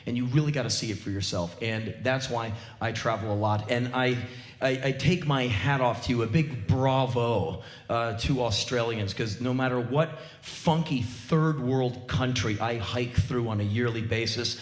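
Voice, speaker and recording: An American man in his forties giving a live spoken word monologue on a theater stage, ranting intensely and profanely in rapid bursts. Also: mid-range voice. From United States. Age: 40s. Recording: roomy live theater recording.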